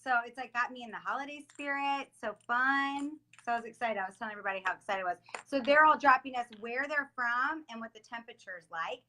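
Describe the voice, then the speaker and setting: A woman hosting a live video stream, upbeat and gushing, often saying how excited she is, talking over a video call from home. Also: a little high, quick pace, few pauses. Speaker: host. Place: home in South Florida.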